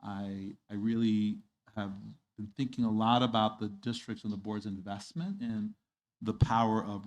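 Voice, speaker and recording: A man addressing a school board meeting, earnest and a bit halting, restarting his phrases as he goes. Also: lowish voice. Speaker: school district official. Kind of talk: public meeting remarks.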